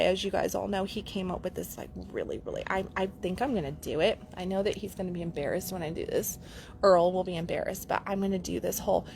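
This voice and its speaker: A woman's voice: mid-range voice, slight background noise. A middle-aged woman, a relationship coach, telling a candid story to her camera in a chatty vlog, laughing easily. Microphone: camera mic.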